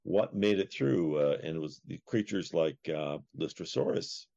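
A man co-hosting a podcast, talking casually and haltingly with many fillers. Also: rumbling low, gravelly, warm tone, dull audio. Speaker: podcast co-host.

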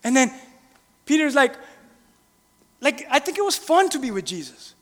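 An animated male preacher with a very high, bright, forceful voice keeps things casual and throws question after question at his listeners. A long reverb hangs after his words, as in a large hall or church. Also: moderate pace. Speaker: pastor. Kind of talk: sermon.

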